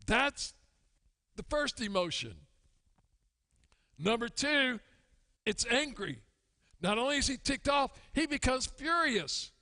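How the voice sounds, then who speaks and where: A man preaching a sermon as pastor, acting out grumbling churchgoers in an animated way. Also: very high-pitched, takes it slowly, pauses often. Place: church sanctuary. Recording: long church hall reverb.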